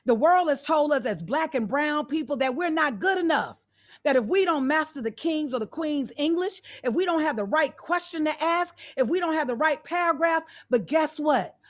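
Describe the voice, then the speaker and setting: Woman guest speaker, fairly high voice, affirming motivational tone, repeats phrases, video call. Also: lively intonation, normal speed. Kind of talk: motivational talk to students.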